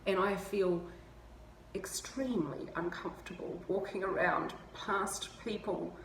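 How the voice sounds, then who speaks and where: A woman's voice: medium pitch, fairly even intonation, unhurried. A woman from New Zealand with a New Zealand accent, chatting casually to camera in a self-mocking way and laughing often. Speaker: vlogger. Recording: roomy with faint ambient noise.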